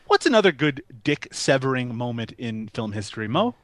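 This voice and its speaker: A man's voice: mid-range voice, very animated, moderate pace, fairly bright tone, dry recording. Wry chuckling man, dry close sound. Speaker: podcast co-host. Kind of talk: casual movie review chat.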